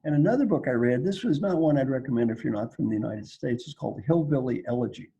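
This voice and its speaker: A man's voice: mid-range voice, animated, quick pace, vocal fry, warm tone, breathy edge, muffled recording. An older man from Kentucky, a coaching speaker on a panel, telling stories in a folksy, joking way and repeating phrases for emphasis. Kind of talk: casual storytelling on a video call panel.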